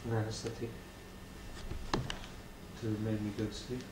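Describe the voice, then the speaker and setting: A woman's voice: extremely low pitch, level tone. A woman lying in bed as a patient, teasing and giggling in playful banter at home. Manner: teasing, giggly, slow and drawn out. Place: bedroom at home. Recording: echoey room with loud background noise.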